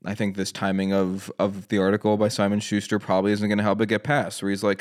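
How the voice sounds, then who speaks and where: A man debating the war on a casual podcast, speaking in halting bursts full of "like" and "right?". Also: on the low side, completely flat delivery. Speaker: podcast guest.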